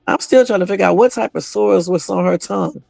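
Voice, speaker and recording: A man hosts a casual livestream reaction at his desktop computer. His voice sits a little high with a gravelly rasp, and he talks loosely and swears freely. The sound is dry and close. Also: a little fast, a little mellow, no echo, soft background music. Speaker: livestream host.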